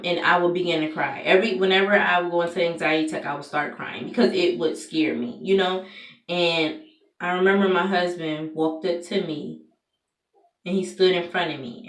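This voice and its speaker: A young woman speaks in a low, soft, confiding voice, telling a personal story with plenty of fillers. She sits some distance from the mic in an echoey room. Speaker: vlogger. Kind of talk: personal story told to camera.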